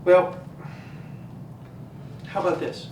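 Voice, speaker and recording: A man's voice: takes it slowly, darkish tone, a little hiss or hum, close to an everyday voice. A man playing a coaxing group therapist who praises small progress, in a stage comedy. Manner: soothing then overly enthusiastic. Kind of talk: community theater comedy. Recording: echoey stage from far off.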